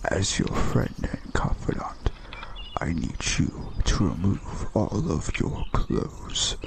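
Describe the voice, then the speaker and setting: A man voicing a sleazy male reverend in a slow, hushed whispered role-play, over a noisy voice-chat mic. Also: sits low, animated, vocal fry, heavily acted. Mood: creepy.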